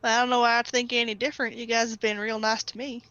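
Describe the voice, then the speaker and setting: Easygoing young noble man with a bright, drawling voice, as a woman acts him out. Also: fairly high pitch, level tone, fast, no echo. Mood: earnest. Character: friendly young male noble adventurer. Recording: muffled lo-fi audio.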